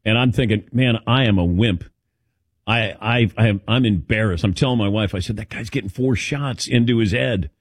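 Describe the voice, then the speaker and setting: This middle-aged radio host, his voice on the low side and his speed normal, shares animated anecdotes in a relaxed way and voices the other characters himself. The studio recording is clean, with no room sound.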